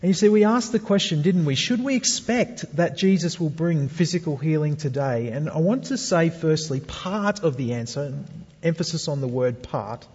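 This male pastor speaks at a fairly high pitch and moderate pace, barely pausing, his tone darkish and husky. He preaches earnestly, turning to the congregation with rhetorical questions, and the recording is dull with a long hall reverb.

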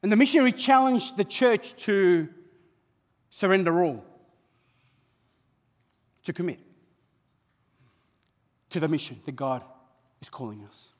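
High-voiced impassioned preacher man. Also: expressive, unhurried, long pauses, in a large hall. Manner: impassioned, repeats words when stirred. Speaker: pastor. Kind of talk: sermon.

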